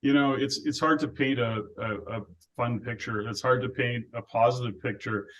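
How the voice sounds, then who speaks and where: An older man from Alberta holds forth on a casual podcast. He is opinionated, full of rhetorical questions and quick to rant. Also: mid-range voice, steady tone, fairly bright tone, highs cut off. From Alberta, Canada. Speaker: podcast co-host.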